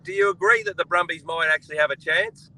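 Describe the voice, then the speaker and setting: A man's voice: on the high side, steady tone, fast, bright, forceful tone, rough recording. A middle-aged Australian man on a boat, talking over a phone or video call as a guest in casual sports chat, blokey and calling everyone mate. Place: on a boat, outdoors.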